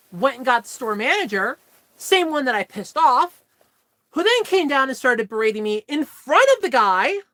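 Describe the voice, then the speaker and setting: A young woman vlogging, telling a story in casual chat in an animated, exasperated way. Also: high-pitched, no room sound.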